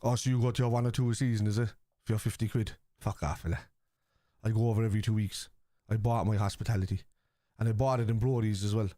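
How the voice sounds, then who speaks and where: A man's voice: lowish voice, steady tone, quick pace, mellow, no echo, clean studio sound. A man, hosting a live football watchalong and answering viewers bluntly, with plenty of swearing. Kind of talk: live stream chat reacting to viewers.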